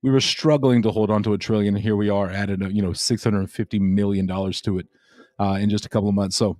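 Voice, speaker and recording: A man hosts a casual crypto livestream, rambling along with frequent fillers and repeated phrases. His voice sits low and mellow. The sound is dry and close, with faint music underneath. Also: steady tone, quick pace, dry recording.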